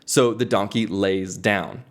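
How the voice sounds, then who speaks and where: A man's voice: fairly low pitch, slow. A young man hosting a podcast, who retells a Bible story conversationally with frequent restarts. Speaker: podcast host. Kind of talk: casual devotional storytelling.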